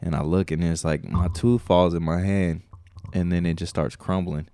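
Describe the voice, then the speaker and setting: Male podcast co-host, very low voice, rambling storyteller, dry close sound. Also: steady tone, normal speed, warm tone, no room sound. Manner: rambling storyteller, heavy swearing, acts out his own reactions. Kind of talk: casual chat.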